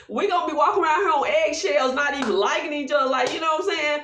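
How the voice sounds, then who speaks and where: A middle-aged woman chatting to camera in a playful, animated way, often laughing and acting out the people she quotes. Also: high voice, fairly quick, distant mic, slight background noise. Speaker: vlogger. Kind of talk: casual chat to camera. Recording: echoey room, voice a bit off mic.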